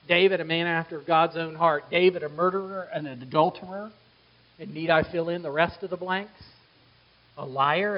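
A male pastor with a notably high voice delivers a sermon. He swings from bright, excited exclamations down to soft, hushed asides. The recording sounds somewhat dull and lo-fi.

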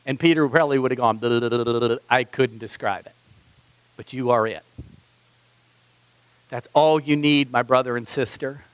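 A male pastor preaching a sermon, swinging from loud, high pleading prayers down to hushed near-whispers. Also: no room sound, dull audio.

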